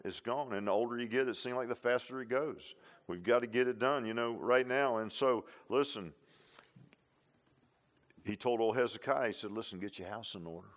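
A man preaching a sermon, repeating lines for emphasis and tossing in "huh?" and "amen.". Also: lowish voice. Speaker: pastor.

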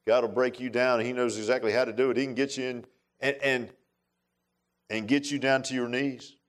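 A man's voice: medium pitch, level tone, fairly quick. A man preaching a sermon in a folksy, emphatic way, with many asides to the congregation. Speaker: pastor.

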